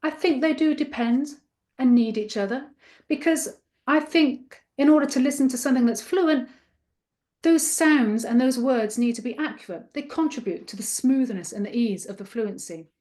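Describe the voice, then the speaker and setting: A woman presenting a live online training session for teachers. Her voice sits a little on the high side, and she keeps the talk friendly and conversational. She coaxes her listeners along and regularly asks them to join in. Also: normal speed, a little mellow. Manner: encouraging, chatty and interactive.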